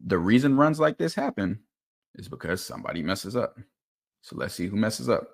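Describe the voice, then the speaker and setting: Man, very deep voice, casual and animated film breakdown. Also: gravelly. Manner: animated, quick, explanatory. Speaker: football film analyst.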